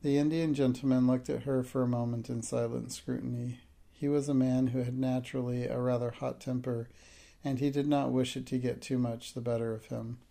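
A man narrating a classic novel as an audiobook in a measured, even manner. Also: mid-range voice, gravelly.

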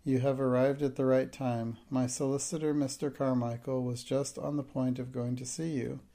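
A man voicing a hot-tempered but kindly older gentleman who speaks firmly and curtly. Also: medium pitch, little pitch movement, normal speed, lightly acted.

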